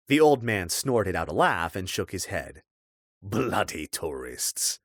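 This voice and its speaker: Low male audiobook narrator, lively melody, dry close sound. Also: no echo. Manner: measured, expressive storytelling. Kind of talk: scripted fantasy narration.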